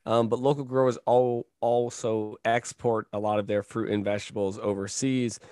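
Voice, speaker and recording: A man's voice: fairly low pitch, little pitch movement, moderate pace, mellow, clear, resonant tone, no room sound, studio quality. A man hosting a casual produce-industry podcast, talking energetically with many fillers and tag questions like "right?". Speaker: podcast host.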